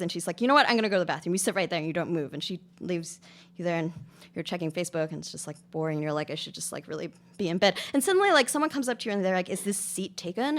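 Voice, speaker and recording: A woman's voice: medium pitch, fairly bright tone. A woman reading her experimental prose aloud to a live audience in a casual, filler-heavy way, with lots of "like" and "um". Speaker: author giving a public reading.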